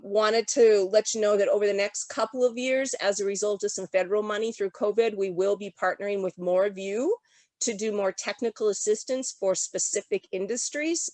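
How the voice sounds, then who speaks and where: A woman briefs a virtual summit audience in a brisk, auctioneer-like rush, upbeat despite being sick. Her voice sits in a middle register. The sound is dry and close, picked up by a video-call microphone. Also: mid-range voice, a little mellow, no room sound. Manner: rapid-fire auctioneer-style delivery. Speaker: regional development commission presenter. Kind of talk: briefing presentation at an online summit.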